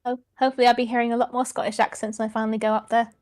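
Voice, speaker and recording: A woman in a stream's voice chat, chatting casually with a giggly, hesitant manner. Her voice sits a touch high, and the sound is dry. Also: level tone, rapid-fire, darkish tone, dry recording. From Kent, southeast England. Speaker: viewer in voice chat.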